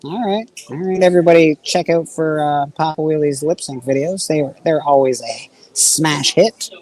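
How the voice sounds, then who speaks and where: A man's voice: a little high, moderate pace, a little mellow, poor audio. A man hosting a casual livestream, chatting loosely and reading out questions from the chat. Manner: laid-back, chatty, reads out chat questions. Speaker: host.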